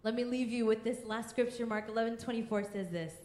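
Fervent high-voiced woman preaching in a roomy church. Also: fairly quick, a little mellow. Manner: emphatic and fervent, often raising her voice. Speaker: pastor. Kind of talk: sermon.

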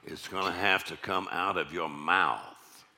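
Deep-voiced man preaching emphatically. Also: steady tone, a little slow, sharp tone. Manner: emphatic, repeats key lines, calls "amen" to the congregation. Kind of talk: sermon.

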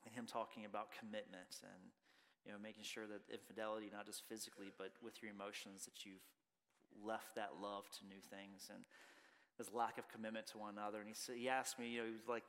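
A man's voice: lowish voice, little pitch movement, fast talker, fairly bright tone, in a large hall. A man in his thirties, a pastor giving a conversational sermon full of stories and filler words.

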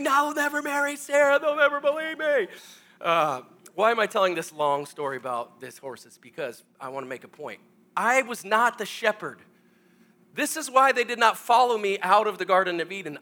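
A middle-aged male pastor tells a long comic story from the pulpit, acting out every scene and poking fun at himself. His voice sits high for a man and has a bright, forceful edge. He swings between hushed asides and loud, excited bursts. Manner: animated, self-mocking storyteller acting out scenes.

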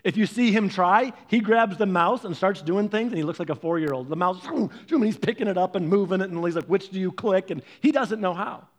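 A man in his thirties tells family stories in a relaxed talk. He brings his parents to life, voicing their lines with lively ups and downs. His voice sits a little on the higher side. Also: brisk, few pauses. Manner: animated storytelling, acting out his parents' lines, often lively and raised. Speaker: speaker giving a faith and parenting talk. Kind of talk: storytelling talk.

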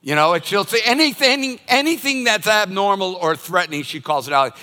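A man's voice: sits high, animated, fairly quick, sharp tone. An older man preaching a sermon as a pastor, telling stories and acting out everyday scenes. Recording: long reverb of a large hall.

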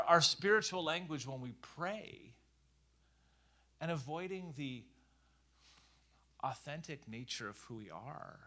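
A man preaching a conversational sermon in a lively, animated way, full of casual fillers. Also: medium pitch. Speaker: pastor.

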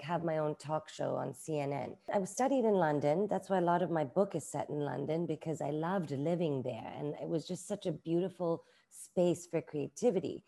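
A woman's voice: sits low, gravelly, warm tone. A middle-aged woman, an author and publisher, talking casually in an interview with many filler words. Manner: chatty, uses many "like" fillers.

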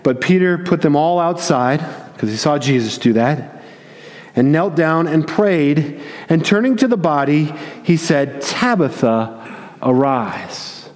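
A man's voice: on the high side, animated, a little slow, a little mellow. A man preaching a sermon, retelling a story vividly, repeating words as he goes and acting out the quotes. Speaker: pastor. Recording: long reverb of a large hall.

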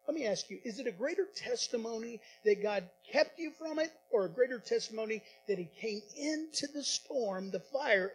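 A man preaches with a strikingly high voice, pausing and repeating phrases for emphasis. His delivery swells and drops as he addresses the congregation, while a faint hum sits under the recording. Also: low-quality recording. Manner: impassioned preaching with dramatic pauses and repetitions. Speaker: pastor. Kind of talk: sermon.

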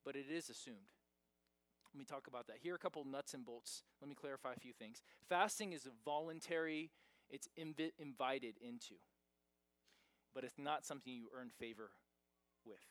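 A man's voice: mid-range voice, moderate pace, no echo. A man preaching a sermon as pastor, talking in a conversational way and pushing hard on key points. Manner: conversational, emphatic, rising to loud stresses.

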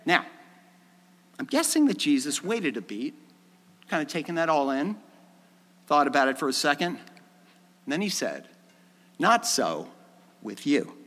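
A man's voice: on the high side, very animated, a little slow, long pauses, a bit bright. A man preaching a sermon as a pastor, telling the story animatedly and acting out the dialogue. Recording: long hall reverb.

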